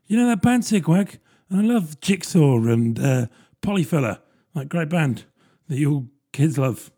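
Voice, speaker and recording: A man voicing a balding middle-aged man trying to seem young, talking slowly and eagerly. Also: fairly high pitch, lively intonation, dark tone, breathy edge, exaggerated voice.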